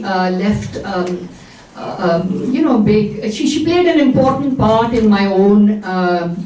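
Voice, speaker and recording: A woman professor in a panel discussion, speaking haltingly with many fillers. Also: mid-range voice, dark tone. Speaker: professor discussing her film. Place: lecture hall. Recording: echoey hall from far off, faint noise.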